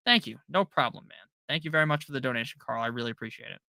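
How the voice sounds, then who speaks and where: A man hosting a casual live-stream Q&A, reading viewer questions aloud and answering them quickly with jokes. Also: mid-range voice, lively intonation, gravelly, sharp tone, no echo, clean studio sound. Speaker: fantasy football stream host.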